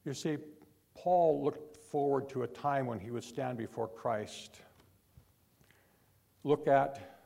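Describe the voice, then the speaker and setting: Older male pastor, husky and gravelly, earnest sermon delivery in church, repeats phrases, speaks plainly rather than shouting. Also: mid-range voice, slow pace, pauses often. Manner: earnest, repetitive preaching, talking from the heart rather than yelling.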